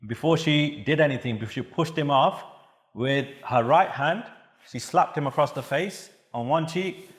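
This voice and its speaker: A man giving a religious talk at a youth camp, telling stories in an animated way and chanting verses. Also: a little high, moderate pace, echoey room. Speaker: Sikh preacher.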